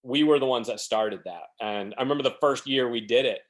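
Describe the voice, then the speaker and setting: As a podcast guest, a man tells rambling, self-deprecating stories and acts out other people's quotes. His mid-range voice moves briskly through the casual storytelling.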